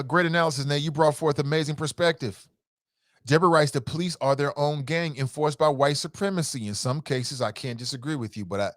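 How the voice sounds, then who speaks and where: A man hosting a casual call-in talk show, reading out listener comments and reacting with emphatic, animated commentary and frequent repetition. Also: on the high side, dry recording, clean studio sound. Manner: animated, emphatic, rises sharply when incredulous; conversational, repeats himself for emphasis.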